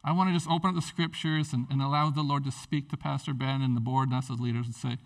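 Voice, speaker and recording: A pastor preaching a sermon in a church, animated and jokey, acting out characters as he goes. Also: mid-range voice, quick pace, distant mic.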